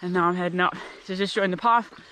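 A woman's voice: lowish voice, fairly even intonation, quick pace, pushed and bright, a little hiss or hum. A woman vlogging outdoors on a hill walk, chatty and upbeat but a bit groggy and tired, with lots of fillers. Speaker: hiking vlogger. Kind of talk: casual vlog to camera. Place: outdoors on a mountain roadside and trail. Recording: music playing underneath.

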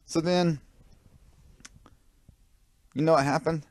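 A gaming video creator speaks at normal speed in a lowish, slightly mellow voice, captured in a dry recording. Grumbling as he goes, he chats to his audience and wanders away from the game in rambling commentary.

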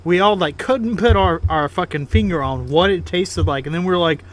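A man's voice: sits high, a little fast. A man co-hosting a casual beer-drinking chat, rambling with lots of filler and swearing. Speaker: podcast co-host.

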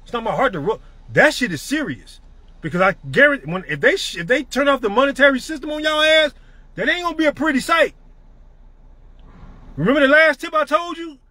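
A man's voice: extremely high pitch, lively intonation, fairly quick, pushed and bright, no room sound. A middle-aged man giving a profane, emphatic motivational rant to his network marketing team.

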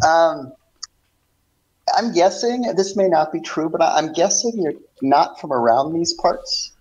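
A man's voice: fairly high pitch, a little slow, darkish tone, slight background noise. A man playing in a tabletop game over voice chat, talking hesitantly with many restarts. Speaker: player. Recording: dull lo-fi online voice chat.

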